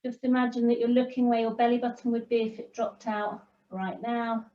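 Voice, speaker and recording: A woman teaching a children's yoga class and giving gentle, encouraging instructions to young kids. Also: fairly high pitch, little pitch movement, brisk, recorded from a distance, dull audio. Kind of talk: guiding a kids' yoga class.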